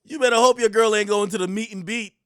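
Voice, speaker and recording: Young adult man, high voice, excitable casual rant, loud profane bursts, dry close sound. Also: fast, clear, resonant tone, no echo. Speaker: streamer and commentator.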